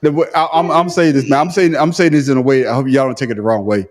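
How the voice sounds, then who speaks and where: Animated, profane Southern man on a podcast. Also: medium pitch, fast talker. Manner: profane, animated, self-mocking, laughs often. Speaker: podcast co-host. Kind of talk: casual podcast chat. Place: remote call.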